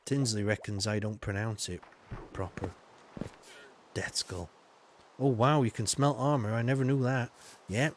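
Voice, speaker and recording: A man's voice: medium pitch, normal speed, a little hiss or hum. Chatty man streaming gameplay. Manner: chatty, greets viewers by name, frequent ums and you-knows. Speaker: live streamer. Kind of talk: live gameplay commentary.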